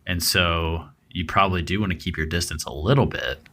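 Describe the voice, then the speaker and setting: A man's voice: deep voice, a little fast, fairly bright tone. A man co-hosting a true-crime podcast, talking casually and rambling with lots of fillers and restarts. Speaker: podcast co-host.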